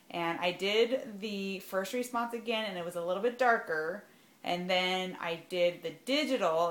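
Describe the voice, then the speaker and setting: A young adult woman with a medium-pitched voice chats casually in a rambling vlog about her fertility journey, her speech full of "like" and "um." The audio has a roomy sound.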